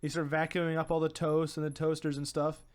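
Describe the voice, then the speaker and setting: A man's voice: a little high, monotone, a little fast. A young man co-hosting a casual podcast, telling a long story with stumbles, repeated words and laughter. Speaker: podcast co-host. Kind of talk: casual chat.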